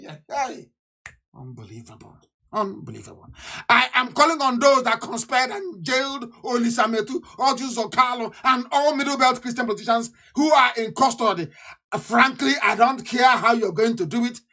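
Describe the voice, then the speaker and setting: A man giving an impassioned political broadcast, fiery and scornful, repeating himself and bursting into shouts. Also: extremely high pitch. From Nigeria. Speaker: activist leader.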